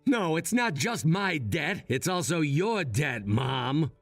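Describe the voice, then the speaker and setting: A man's voice: a little high, big pitch swings, slow pace, gravelly, dry recording, soft background music, full character voice. A man voicing a young adult son who coldly and matter-of-factly turns the tables on his mother in a text-message drama. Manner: cold, matter-of-fact.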